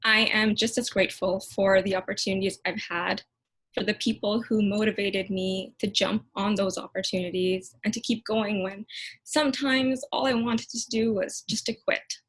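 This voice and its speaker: A woman in her twenties gives a heartfelt, earnest speech as a new lawyer. She talks over a video call at a middle pitch. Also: fairly even intonation, moderate pace, breathy edge, rough recording. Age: 20s. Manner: earnest, emotional, laughs now and then.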